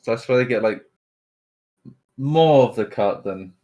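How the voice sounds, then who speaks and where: A man's voice: mid-range voice, lively intonation, a little slow, warm tone. A young man co-hosting a podcast, rambling casually with lots of likes and restarts. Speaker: podcast co-host. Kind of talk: casual chat.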